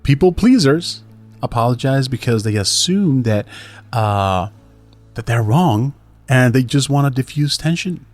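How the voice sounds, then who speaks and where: A man talks through an English lesson in a loose, chatty way, dropping in fillers and quick acted-out example lines. His voice sits at an ordinary middle pitch. Soft music plays quietly behind him. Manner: chatty, lively, fillers like right and you know, acts out example lines. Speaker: English teacher, podcast host. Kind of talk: casual instructional talk.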